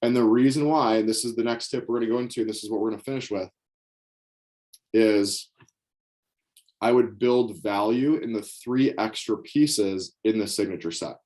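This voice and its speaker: A man's voice: lowish voice, normal speed, a little mellow. Young male sales coach, upbeat and direct, repeats key lines for note-taking. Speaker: sales trainer. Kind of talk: sales training session. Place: indoors with knives on a table.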